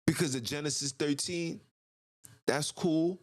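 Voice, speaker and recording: A man's voice: a little high, unhurried. A man hosting a podcast, delivering an emphatic, ranting monologue full of rhetorical questions. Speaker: podcast host. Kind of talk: impassioned monologue.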